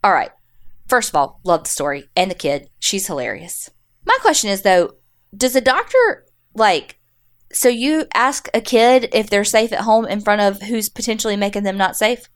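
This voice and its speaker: A woman's voice: mid-range voice, lively intonation, moderate pace. A woman co-hosting a podcast, reading listener stories aloud and chatting in a blunt, wry way. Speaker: podcast co-host.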